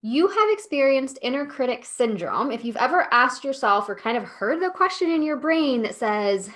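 A woman's voice: sits high, big pitch swings, moderate pace, hardly any pauses, fairly bright tone. A woman hosting a solo podcast, coaching business owners in a chatty, emphatic way with lots of "like" and "okay?".

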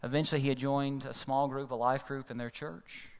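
This pastor's voice is clear, resonant, and steady in tone, moving a little fast as he preaches a story-driven sermon. Acting out each person with sudden changes in voice and big pitch leaps, he's recorded in a large church hall with long reverb.

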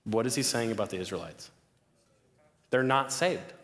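A young man preaching a sermon to a campus crowd, lively, often asking the listeners questions. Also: medium pitch, normal speed. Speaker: campus ministry speaker. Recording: long hall reverb.

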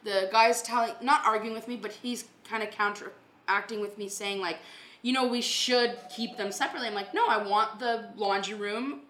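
A woman who runs a renovation company, telling a story in a casual chat with lively energy and plenty of swearing. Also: medium pitch, moderate pace, slight background noise. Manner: animated, swears freely. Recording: echoey room.

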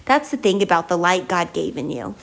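A woman hosting a faith-based podcast, speaking with earnest emotion and chatty warmth, building her points through emphatic repetition. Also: fairly low pitch, expressive, vocal fry. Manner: casual and chatty, with fillers and quick laughs. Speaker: podcast host. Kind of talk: faith-based motivational monologue.

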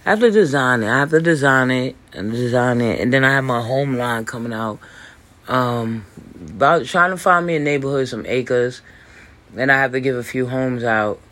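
A man hosting a podcast, talking in a loose, boastful monologue full of fillers, restarts and swearing, with hiccups and throat clearing. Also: medium pitch, moderate pace, fairly bright tone. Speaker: podcast host. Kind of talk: rambling casual monologue. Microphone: voice message recording.

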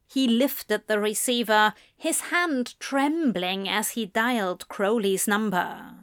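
A woman narrating a romance story in a slow, steady, intimate reading. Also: mid-range voice, no room sound, studio quality. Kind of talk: audiobook fan fiction reading.

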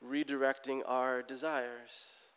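A middle-aged man preaching a sermon in a church, animated and getting loud for emphasis, acting out people's prayers. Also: medium pitch, takes it slowly, smooth, big-room sound. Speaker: pastor.

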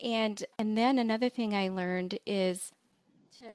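Woman, nursing educator, earnest, reflective, conversational, mid pitch, dry close sound. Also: unhurried, a little mellow, clear, resonant tone, no room sound. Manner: candid, earnest, thoughtful with frequent restarts.

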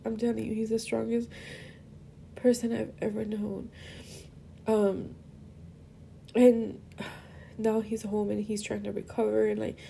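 A woman's voice: fairly high pitch, monotone, a little slow, gravelly, pauses often, dark tone, a little hiss or hum. A young woman hosting a podcast, talking about her father in a rambling, emotional monologue, tearful at times and slipping between English and Spanish. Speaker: podcast host. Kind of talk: personal monologue.

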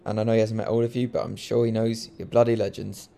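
Man, podcast host, mellow, dark tone, jokey casual chat. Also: on the low side, level tone, quick pace, gravelly. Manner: jokey, self-mocking, introduces clips.

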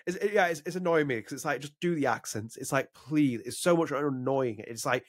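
A man's voice: medium pitch, fairly quick, no room sound, studio quality. A man co-hosting a podcast in casual chat, rambling and opinionated, with frequent restarts. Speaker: podcast co-host.

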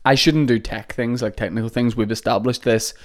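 A man's voice: medium pitch, steady tone, a little fast. A young man hosting a podcast, rambling and joking with plenty of swearing. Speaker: podcast host. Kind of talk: casual comedic monologue. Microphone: podcast microphone.

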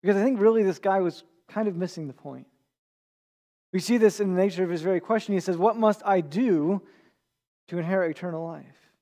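A man's voice: high-pitched, fairly quick, dark tone. A man preaching a sermon in an earnest, conversational way, with small restarts and repeated words. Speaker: pastor.

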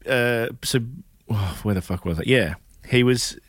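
A man's voice: medium pitch, measured pace, no echo. A man co-hosting a podcast in casual chat, rambling through stories with lots of swearing and restarts. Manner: rambling, profane, trails off into tangents. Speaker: podcast co-host.

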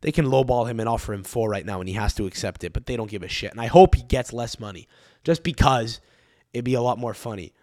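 A young man hosting a solo podcast, ranting in a profane, animated way into a close mic. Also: mid-range voice, fast, dry recording. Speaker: podcast host.

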